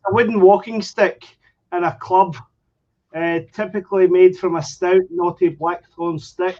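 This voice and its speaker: A man's voice: sits high, steady tone, measured pace, lo-fi sound. A man, chatting casually as a podcast guest in a wry, plain-spoken way.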